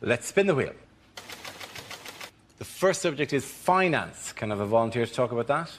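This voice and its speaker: A man's voice: mid-range voice, animated, moderate pace. A man hosting a comedy panel show, announcing rounds and calling on players. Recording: studio audience and noise.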